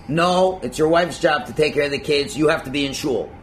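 A man teaching a religious class in a lively, conversational way, acting out little scenes and chuckling at his own points. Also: on the high side, a little fast, few pauses, noisy background. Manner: animated, acts out quotes, chuckles at own points. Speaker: Torah teacher.

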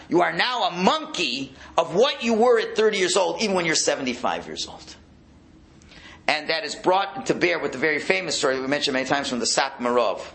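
Lively, bright-voiced rabbi giving a sermon. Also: male voice, a little high, gravelly. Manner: storytelling with rising excitement and acted quotes. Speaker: rabbi giving a Torah class. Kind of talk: sermon-style Torah talk.

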